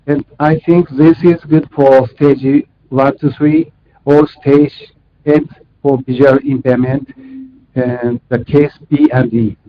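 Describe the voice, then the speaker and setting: Japanese-accented man presenting, halting. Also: medium pitch, steady tone, a little hiss or hum. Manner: halting, frequent fillers and restarts. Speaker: conference presenter. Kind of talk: technical presentation. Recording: dull lo-fi conference audio.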